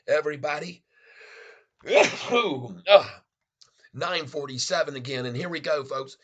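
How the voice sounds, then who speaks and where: A man runs a live stock-trading show, narrating his trades as they fill. His voice is bright and punchy. He cheers each move and keeps chatting warmly with his audience. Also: on the high side. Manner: excited, calls out prices, chats with viewers as "folks". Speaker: stock trading livestream host. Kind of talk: live day-trading commentary.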